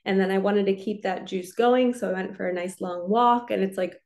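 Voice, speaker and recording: A woman, a spiritual coach, giving a relaxed, chatty card reading and talking her listeners through slow belly breathing. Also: medium pitch. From New Jersey. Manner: relaxed, chatty, reassuring, lots of "like" and "so".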